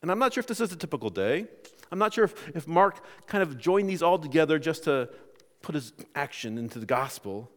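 Male pastor, conversational sermon delivery with a lively, bouncing pitch; church hall reverb. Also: fairly quick. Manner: conversational, animated preaching with restarts.

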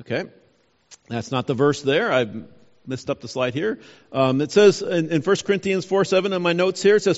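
A man preaching a sermon, emphatic and animated, correcting himself now and then as he goes. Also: fairly high pitch, normal speed, long reverb tail, dull audio. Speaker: pastor.

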